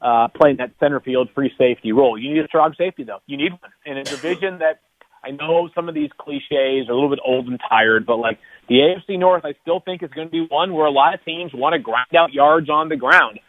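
A man's voice: on the high side, fairly quick. A man calling in as a guest analyst on a sports radio show, rambling with many restarts and fillers. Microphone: phone. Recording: tinny phone line.

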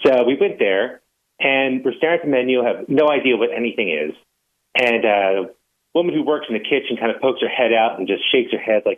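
A man's voice: medium pitch, brisk. A male caller on a radio show, telling an easygoing story about a restaurant meal. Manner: easygoing, anecdotal. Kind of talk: call-in storytelling. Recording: phone line.

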